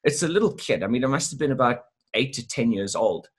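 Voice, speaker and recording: A man as an interview guest, telling a sales story in a lively, animated way with casual swearing. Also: medium pitch, fast, slight background noise. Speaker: guest, sales business owner.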